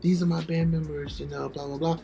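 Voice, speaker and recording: A man's voice: fairly high pitch, flat delivery, fairly quick, vocal fry, dark tone, soft background music, voice pushed up. A man voicing a famous female pop singer who cheerfully introduces her band and dancers. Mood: breezy.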